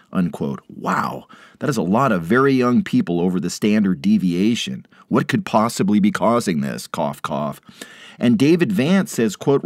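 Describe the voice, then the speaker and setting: A man's voice: no room sound, studio quality. A man hosting a podcast, reading out quotes and adding sarcastic asides in a dropped voice. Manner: sarcastic asides, drops voice low after quotes. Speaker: podcast host.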